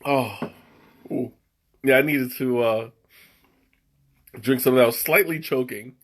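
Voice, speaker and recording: This is a man tasting tea on a casual live stream, rambling, chuckling and often letting sentences fade out. His medium-pitched voice is unhurried and a bit bright, recorded through a webcam microphone.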